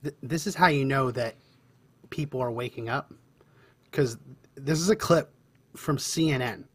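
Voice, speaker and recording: A man hosting a talk show, speaking in a brisk, emphatic way as he explains points and introduces clips. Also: mid-range voice, husky, dry recording. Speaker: host.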